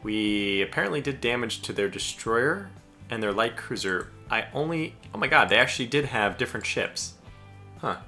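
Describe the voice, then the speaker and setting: A man's voice: mid-range voice, expressive, moderate pace, sharp tone, faint music behind. An American man casually commentating his own live strategy game stream, chatty and chuckling as he barks orders at his ships. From United States.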